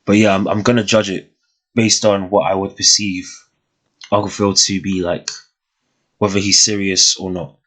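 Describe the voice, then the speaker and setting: Low-voiced man musing over a TV series. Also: level tone, normal speed, pauses often, fairly bright tone. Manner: thoughtful, hesitant, many restarts and fillers. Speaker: TV reviewer. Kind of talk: casual spoken review.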